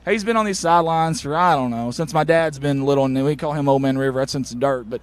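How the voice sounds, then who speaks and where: A man, reporting from the sideline of a football field after a game and interviewing people with eager, warm praise. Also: medium pitch, fast, clear, resonant tone. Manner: excited, warm toward players, repeats "I'm gonna tell you something".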